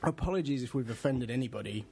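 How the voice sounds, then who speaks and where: A man's voice: mid-range voice, fast, vocal fry, warm tone, slight background noise. A man co-hosting a casual podcast, rambling with lots of fillers and restarts. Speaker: podcast co-host.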